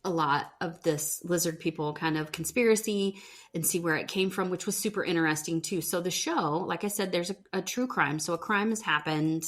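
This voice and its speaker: A woman's voice: fairly low pitch, moderate pace. A woman co-hosting a podcast, recapping a TV show in casual chat, with lots of "um" and "you know". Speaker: podcast co-host.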